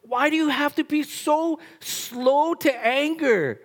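A preacher acting out the prophet Jonah as a man shouting his furious complaints at God in a high, strained voice during a sermon. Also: very animated, takes it slowly. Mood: raging. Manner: shrill, shouting, raging complaint.

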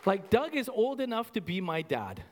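A man from Canada preaching a casual, animated sermon to his congregation, repeating himself and saying "like" often. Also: sits high, moderate pace, in a large hall, background noise. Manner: animated, conversational, repeats phrases with many "like"s. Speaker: pastor.

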